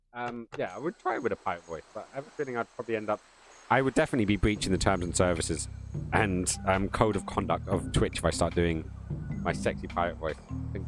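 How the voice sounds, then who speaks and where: A man giving chatty, joking gameplay commentary with crude asides as a streamer. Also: fairly low pitch. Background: game music.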